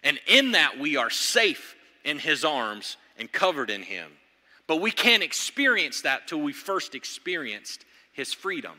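A man preaching a sermon as pastor, animated, swinging from loud and high to low and quiet. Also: a little slow. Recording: long hall reverb.

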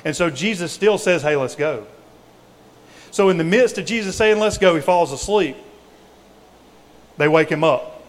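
A man's voice: high-pitched, lively intonation, a little slow. A man preaching a sermon in a conversational, folksy way, with casual asides to the congregation. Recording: reverberant hall.

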